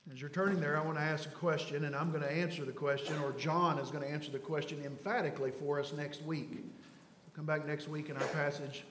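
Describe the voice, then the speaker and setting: Male pastor, high-pitched, emphatic sermon delivery; reverberant sanctuary sound. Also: slight background noise. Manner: emphatic preaching, swings from loud to hushed. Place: church sanctuary. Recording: echoey church hall.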